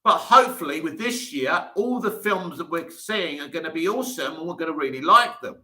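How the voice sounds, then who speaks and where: Casting note: male livestream host, keen and chatty, bright forceful voice, slightly high, roomy echo. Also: lively intonation, brisk. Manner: enthusiastic, talks in restarts and asides. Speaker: livestream host reading viewer comments. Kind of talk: casual live chat. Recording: echoey room.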